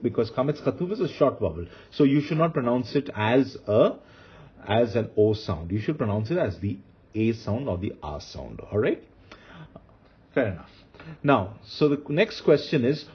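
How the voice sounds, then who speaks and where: A man teaching Hebrew grammar in a recorded lecture, patiently repeating key rules and asking his listeners rhetorical questions. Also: mid-range voice. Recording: dull lo-fi recording.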